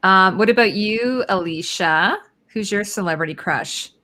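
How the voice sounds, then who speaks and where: A woman's voice: mid-range voice, unhurried, sharp tone. A woman hosting a livestream, casually chatting with guests and eagerly moving the questions along. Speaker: livestream host. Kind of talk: casual chat.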